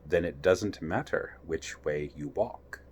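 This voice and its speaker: Cheshire Cat, read by a man, slow and teasing. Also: a bass voice, slightly rough, pitched below the performer's own voice, heavily acted. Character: grinning, calm, riddling male Cheshire Cat.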